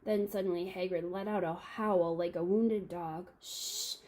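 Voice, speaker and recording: Mellow, breathy woman reading aloud. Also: fairly low pitch, normal speed, poor audio. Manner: calm, steady, small slips and self-corrections. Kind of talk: reading a children's novel aloud.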